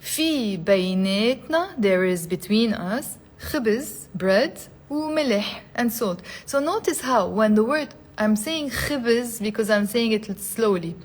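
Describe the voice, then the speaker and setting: A woman with a fairly high voice leads a live online language class. She says each phrase slowly and repeats it several times. She keeps asking her viewers to say it aloud along with her. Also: lively intonation. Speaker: Arabic teacher.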